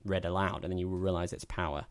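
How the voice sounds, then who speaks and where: A man's voice: deep voice, flat delivery, fast, no echo. A man hosting a film podcast, chatting casually with dry, self-deprecating humor. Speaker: podcast host. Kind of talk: casual chat.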